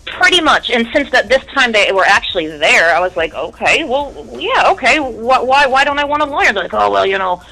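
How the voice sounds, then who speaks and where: A woman's voice: on the high side, expressive, fairly quick, hardly any pauses, bright, forceful tone, a little hiss or hum, poor audio. A woman in her thirties, a musician guest in an interview, telling a long story in a candid, rambling, profane way.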